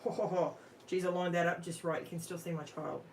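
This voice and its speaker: A woman's voice: fairly low pitch, steady tone, quick pace, creaky, a little hiss or hum, low-quality recording. An Australian woman hosting a live crafting stream, chatting casually with her viewers while she works. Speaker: crafting livestream host.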